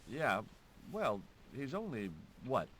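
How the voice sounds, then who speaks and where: Wry adventure game hero, asks lots of questions, lively voice, some hiss behind. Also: male voice, medium pitch, slow. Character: curious, wry young man investigator. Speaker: game protagonist. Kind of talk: video game voice acting.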